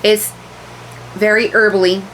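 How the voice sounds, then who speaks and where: Casual female beauty vlogger, candid chatter, mid pitch, faint room noise. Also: flat delivery, unhurried, fairly bright tone, poor audio. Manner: chatty, candid, repeats words. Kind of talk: casual unboxing chat. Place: home room with ring light.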